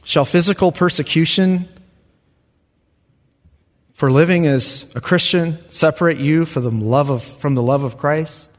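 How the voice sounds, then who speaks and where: A male pastor delivers a sermon in a fairly high voice. He preaches emphatically, pushing his voice up loud and then sinking to a near hush. The sound rings with the long reverb of a large church hall. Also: unhurried, long pauses. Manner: emphatic, swinging from loud rises to hushed drops.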